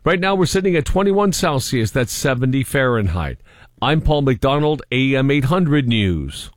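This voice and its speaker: A man reading the news and weather on the radio, crisp and steady. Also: medium pitch, moderate pace. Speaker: newsreader.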